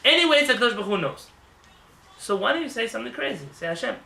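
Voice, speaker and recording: A man rabbi giving a lively, joking sermon in a synagogue, acting out voices as he talks. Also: very high voice, quick pace, creaky, distant mic, noisy background. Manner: animated, acts out voices, jokes with the congregation. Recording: roomy hall with faint ambience.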